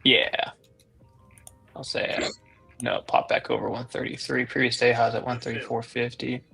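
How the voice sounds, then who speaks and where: An upbeat man talks through stock charts and setups in a relaxed, quick way on a live trading stream. His voice sits in a middle register, and music plays faintly in the background. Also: mid-range voice, creaky, breathy edge. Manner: quick, upbeat market commentary with laughs. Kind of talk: casual trading chat.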